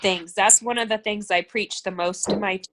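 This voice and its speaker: A woman talks casually as a guest on a video call, full of "like" and "um" and quick to laugh. She talks about leading her team in a relaxed, conversational way. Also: medium pitch, a little hiss or hum, low-quality recording. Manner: chatty, filler-heavy, laughs easily.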